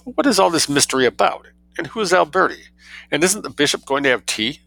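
A man voicing a flustered, stuffy middle-aged gentleman who splutters in indignant shock. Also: on the high side, lively intonation, fast talker, creaky, dry recording, faint music behind, pitched above the performer's own voice, heavily acted, low-quality recording.

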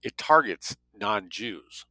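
A man's voice: lowish voice, expressive, takes it slowly, pushed and bright, no room sound, exaggerated voice, rough recording. Man reading a blunt sardonic financier man. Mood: even. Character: wary rich male financier, blunt.

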